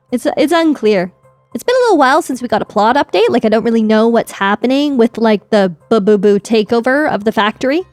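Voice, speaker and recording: A woman's voice: a little high, a little mellow, no echo. Playful, chatty woman gaming YouTuber. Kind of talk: casual let's-play commentary.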